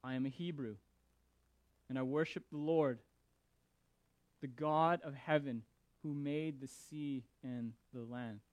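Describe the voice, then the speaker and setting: A man doing a quiet, resigned prophet. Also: medium pitch, steady tone, slow pace, long pauses, no room sound, voice pushed down, lightly acted. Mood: solemn. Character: resigned male prophet, self-blaming and quiet.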